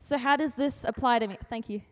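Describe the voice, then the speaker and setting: A woman's voice: fairly high pitch, a little fast. A woman giving a casual, playful youth sermon, chatty and acting out quotes in comic little voices. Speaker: youth speaker sharing a devotion. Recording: hall with long reverb.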